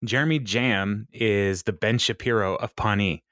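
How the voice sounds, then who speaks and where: A man co-hosting a podcast, recapping a sitcom episode in casual, animated, opinionated chat. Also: lowish voice, a little slow.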